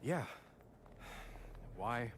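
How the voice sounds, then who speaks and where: A man's voice: mid-range voice, expressive, drawn-out words. An actor playing a tired male explorer in a horror game, speaking tersely and dismissively. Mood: curt. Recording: game audio with faint noise.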